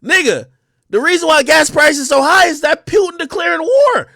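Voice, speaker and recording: A man rants on a livestream in a loose, profane way and breaks into mocking impressions. His voice sits high and swings wildly in pitch. The sound is dry and close, with no room around it. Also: animated, moderate pace, gravelly, pushed and bright, no echo. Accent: New York. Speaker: livestream host. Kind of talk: unscripted livestream rant.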